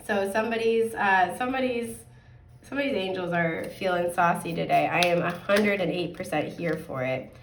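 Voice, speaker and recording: A woman giving a casual tarot card reading, chatty and upbeat, her voice a bit hoarse and often clearing her throat. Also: on the low side, normal speed, roomy sound, recorded from a distance, a little hiss or hum. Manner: chatty, upbeat, rambling with fillers.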